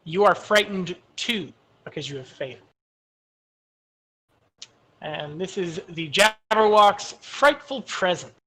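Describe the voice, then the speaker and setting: A woman's voice: fairly low pitch, expressive, takes it slowly, pauses often, fairly bright tone. A woman running a tabletop game as game master, narrating monster attacks with hesitant fillers. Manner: descriptive, hesitant with many fillers.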